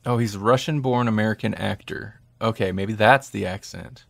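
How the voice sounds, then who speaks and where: A podcast co-host chats casually and animatedly about films, laughing often as he reviews movies. His creaky voice sits fairly low and moves at normal speed, with no room sound.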